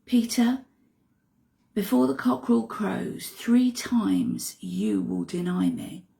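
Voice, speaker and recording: Lady doing a calm teacher figure, gentle and solemn, slow with some gravel. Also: medium pitch, heavily acted. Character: calm male teacher Jesus speaking to a disciple.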